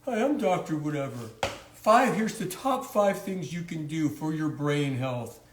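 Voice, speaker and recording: A man voicing a slick male doctor who pitches his supplements in a smooth, salesy voice. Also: lively intonation, a little slow, far from the mic, a little hiss or hum. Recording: roomy echo.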